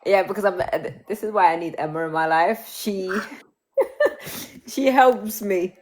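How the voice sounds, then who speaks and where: A woman's voice: mid-range voice, unhurried, noisy background. A woman hosting a casual phone livestream, chatting loosely and thanking viewers as they come in. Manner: chatty, reads and thanks commenters. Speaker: livestream host.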